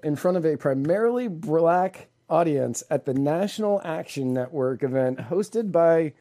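Male co-host, dry sarcasm, mellow tone, slightly high voice. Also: animated, unhurried. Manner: sarcastic, rambling, laughs often. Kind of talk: casual political podcast chat.

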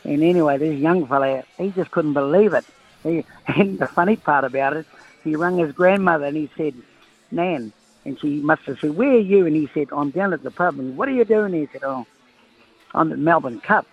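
Radio caller, New Zealand man, husky slightly high voice, muffled phone line, rambling yarn-teller. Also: fairly quick. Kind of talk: telling a story on a phone call.

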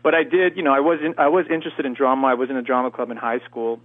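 A man's voice: mid-range voice, level tone, rapid-fire, no room sound. A native French-speaking man from Canada, a guest actor chatting casually in an interview with many fillers and restarts. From Canada, near Montreal. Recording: tinny phone line, dry.

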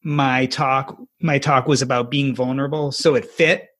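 A man's voice: medium pitch, steady tone, normal speed, a bit bright. A man moderating a casual panel discussion, asking guests questions and steering the talk.

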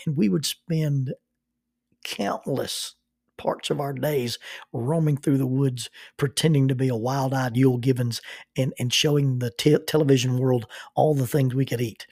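An older man, a minister hosting his own podcast, telling personal stories in an unhurried, reflective way and chuckling as he remembers. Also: medium pitch, fairly even intonation, gravelly, a little mellow, no room sound, clean studio sound. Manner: unhurried, chuckles while recalling.

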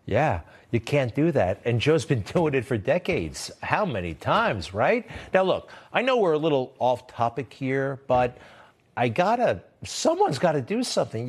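A man's voice: mid-range voice, very animated, normal speed, slightly rough. Scornful male commentary host. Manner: mocking, scornful, chuckling asides. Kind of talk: opinionated commentary.

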